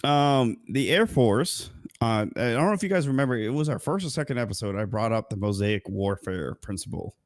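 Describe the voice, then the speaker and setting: A man's voice: mid-range voice, lively intonation, a little fast, hardly any pauses, no echo, studio quality. A man co-hosting a casual podcast, rambling through news with frequent fillers and self-corrections. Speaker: podcast co-host.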